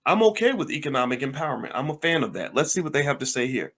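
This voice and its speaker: Fiery, animated man. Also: medium pitch, fast talker. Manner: fiery, rhetorical questions, angry. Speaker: commentator. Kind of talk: impassioned political commentary.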